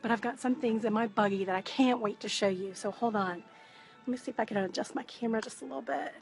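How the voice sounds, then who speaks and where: Woman, higher voice, hushed and chatty, live shopping haul in a store, phone mic. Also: fast, gravelly, faint music behind. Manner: hushed, chatty, greets viewers by name. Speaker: wreath maker and business coach. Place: busy indoor craft store.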